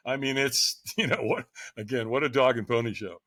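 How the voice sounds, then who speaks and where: A man guest on a podcast, telling a personal story in an animated way, often checking in with a quick "right?". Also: mid-range voice. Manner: lively, keeps asking "right?".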